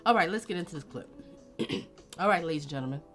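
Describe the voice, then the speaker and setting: A woman's voice: lowish voice, fast talker. A woman hosting a casual live-stream commentary, talking bluntly and directly to her viewers. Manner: blunt, animated, talks straight to viewers.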